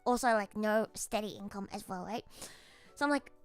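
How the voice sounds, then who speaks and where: A woman streamer telling a story to her chat in a casual, animated way, swearing often and laughing a lot. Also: medium pitch, normal speed, clean tone, no room sound, faint music behind.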